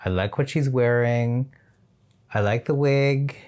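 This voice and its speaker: A man's voice: medium pitch, slow pace, a little mellow. A man reviewing a drag competition show in a casual, chatty reaction style, with opinionated and slightly shady asides.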